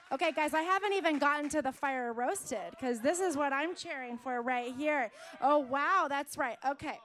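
A woman's voice: sits high, normal speed, few pauses, a bit bright. A young adult woman preaching a sermon, emphatic and rousing in places, chatty and playful while she cooks at a kitchen table. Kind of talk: sermon with cooking demonstration.

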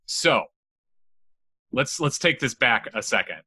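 A man's voice: mid-range voice, sing-song, slow, bright, forceful tone, slightly rough, no room sound. A man hosting a casual chat, telling a spooky legend with jokes and swearing. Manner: joking, swears freely, laughs while telling. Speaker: podcast host telling a legend.

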